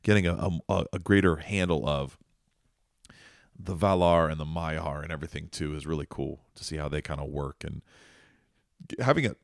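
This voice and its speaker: A man's voice: rumbling low, steady tone, normal speed, gravelly, long pauses, dry recording, studio quality. A man hosting a podcast, giving a casual update in a rambling, jokey way that keeps wandering off on tangents. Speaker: podcast host.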